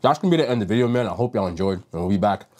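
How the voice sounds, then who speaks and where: A man's voice: on the low side, lively intonation, very fast, a little mellow. A man from New Jersey reviewing restaurant food on his vlog, talking casually and rambling a little while he eats. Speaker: food vlogger.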